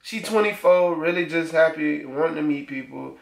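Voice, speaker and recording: A man's voice: a little high, normal speed, vocal fry. A young man giving loose, crude, teasing commentary as he reacts on his own channel. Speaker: YouTuber. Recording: echoey room.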